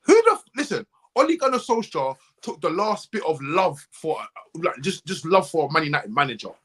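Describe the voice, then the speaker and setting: A man's voice: a little high, a little fast, husky. A man co-hosting a football podcast, ranting in heated casual chat and mimicking other fans. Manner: animated and ranting, mimics other fans' voices. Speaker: co-host.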